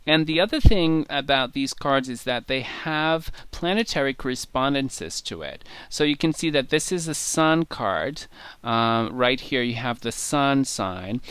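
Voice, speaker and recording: A man speaks as a guest, enthusiastic and rambling as he walks through his cards. His voice is bright and smooth. The sound is close and dry, with no room in it. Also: mid-range voice, animated, unhurried, no room sound. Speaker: guest tarot reader. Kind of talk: conversational show-and-tell interview.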